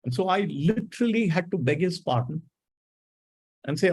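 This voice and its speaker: A man's voice: high-pitched, animated, moderate pace, long pauses, a little mellow, slightly rough, low-quality recording. A middle-aged man speaking in a webinar talk, telling a coaching story in a reflective way and acting out the lines of the people in it. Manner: reflective, acts out quoted dialogue.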